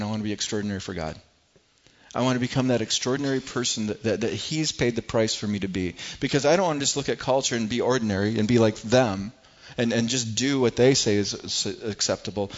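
A man's voice: mid-range voice, highs cut off. A middle-aged man preaching a sermon as pastor, earnest and prone to repeating words as he builds his points.

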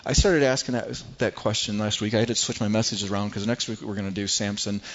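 A man's voice: fairly low pitch, steady tone, fast talker, highs cut off. A middle-aged man preaching a sermon as pastor, earnest and prone to repeating words as he builds his points.

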